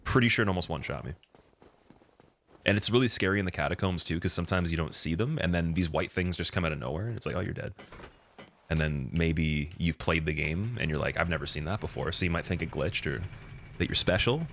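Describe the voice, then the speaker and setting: A man's voice: low voice, animated, fast talker, a bit bright. A young man streaming a game, chatting casually with a rambling, laughing manner. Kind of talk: casual live gameplay commentary.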